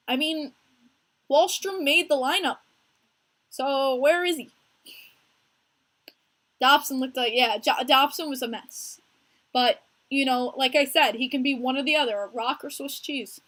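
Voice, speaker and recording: Young american girl with a high voice, chatting hockey on her stream, lively and talky, calls out her viewers. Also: takes it slowly, long pauses. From United States. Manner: animated and chatty, answering viewers by name. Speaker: podcast host streaming live with chat. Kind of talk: casual hockey chat.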